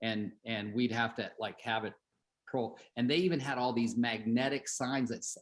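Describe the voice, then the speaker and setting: A man's voice: mid-range voice, normal speed. A middle-aged man coaching real estate agents on a group call, chatty, telling stories and asking the group questions.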